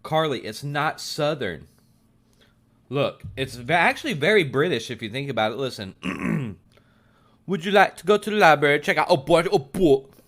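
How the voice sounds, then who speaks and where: A man's voice: on the high side, very animated, moderate pace, fairly bright tone, exaggerated voice. An actor playing a man who insists his put-on accent is right, then shows it off in a mock-posh voice. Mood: insistent. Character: man proudly showing off a bad accent.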